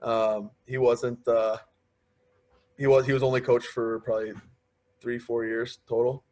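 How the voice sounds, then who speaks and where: A man's voice: mid-range voice, a little slow. Young man telling stories on a podcast. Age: 20s. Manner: storytelling, quoting others in lively asides. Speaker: podcast guest, pro hockey player. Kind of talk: casual interview chat.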